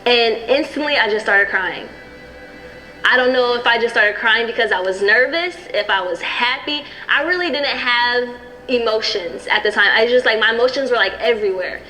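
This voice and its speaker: Bright-voiced young woman telling her story. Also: fairly high pitch, normal speed, faint music behind, poor audio. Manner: recounting events, filler "you know what I'm saying". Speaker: documentary interviewee. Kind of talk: personal storytelling interview.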